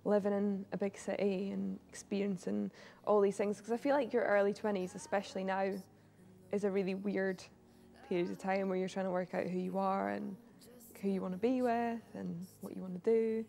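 A woman's voice: mid-range voice, flat delivery, moderate pace, gravelly, mellow. A woman in her twenties, a singer-songwriter, chatting in a laid-back way in an interview. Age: 20s. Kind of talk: relaxed interview.

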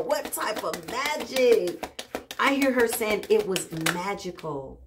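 A woman doing a casual spiritual tarot reading, animated and exclaiming often, with frequent laughs. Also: mid-range voice, unhurried, background noise. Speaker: tarot reader.

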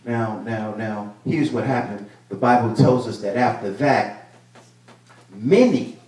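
A male pastor preaching a sermon, building to loud bursts and repeating his phrases. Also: medium pitch, slow. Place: church sanctuary. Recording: echoey church room, mic at a distance.

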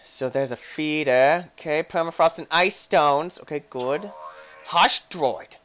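A man giving excitable let's-play commentary as he reviews a game mod, playfully talking to game objects and breaking into sudden jokey shouts. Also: a little high, a little slow, smooth.

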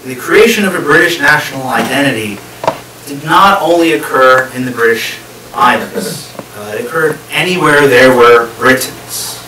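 A man with a mid-range voice speaks at a moderate pace as a guest lecturer, delivering a public history talk to a live audience. He explains things step by step and poses questions to his listeners. The recording has an echoey room, a distant mic, and faint hiss.

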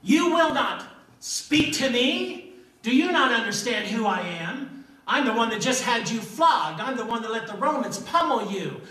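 A preacher putting on an arrogant Roman governor. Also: male voice, extremely high pitch, animated, voice pushed up, full character voice. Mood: arrogant, indignant. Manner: loud, drawn-out, outraged questioning. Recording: echoey church from a distance.

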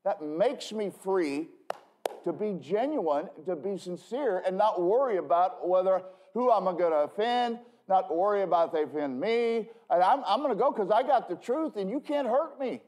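A man's voice: sits high, lively intonation, normal speed, hardly any pauses, darkish tone. A man who is a pastor, preaching a casual evening sermon in a joking, rambling way, with emphatic bursts and frequent restarts. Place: church.

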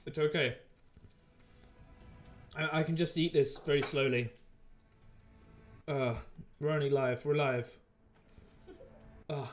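A man's voice: fairly high pitch, steady tone, slow pace, pauses often, soft background music. A man hosting a live stream, chatting casually and joking in rambling banter. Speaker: livestream host.

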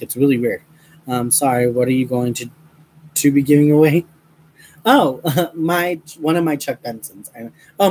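A young crafting vlogger with a voice on the high side and a little mellow chats to his viewers while he crafts, on a rough recording with a little hiss or hum. He rambles with many fillers, laughs often, and mentions having a headache.

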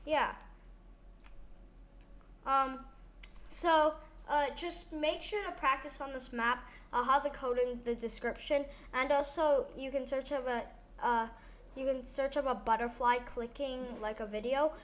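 A woman hosting a casual gameplay tutorial, talking over her play in a rambling way with many fillers and restarts. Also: a little high. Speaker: gaming channel host.

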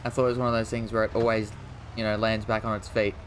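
This streamer's voice is on the low side, flat and fast, with slight background noise. As he plays, he rambles casually and mocks himself, letting out the odd yelp at what happens in the game.

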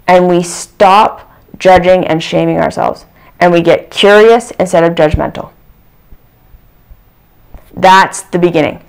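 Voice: mid-range voice, a little slow, gravelly, clean tone. A channel host giving a reflective self-help talk, earnest and repeating phrases for emphasis.

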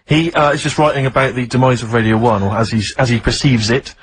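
A man's voice: medium pitch, steady tone, fast, slight background noise. A man co-hosting a radio show in casual banter, with a dry, teasing manner. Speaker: radio co-host.

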